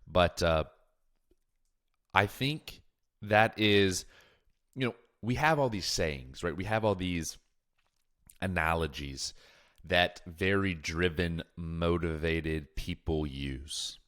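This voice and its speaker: A man hosting a casual podcast, talking in an animated, jokey way and drifting into tangents. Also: low-pitched, slow, long pauses.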